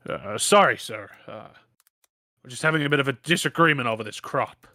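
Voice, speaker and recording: Man doing a calm farmer, polite, placating, bright voice, tabletop game. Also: medium pitch, fairly quick, no room sound. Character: calm apologetic male farmer, peacemaker.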